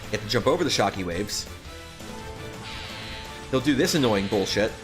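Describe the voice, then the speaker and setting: A man's voice: lowish voice, lively intonation, normal speed. A man streaming a video game, chatting casually and animatedly as he plays. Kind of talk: casual gameplay commentary. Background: faint game music.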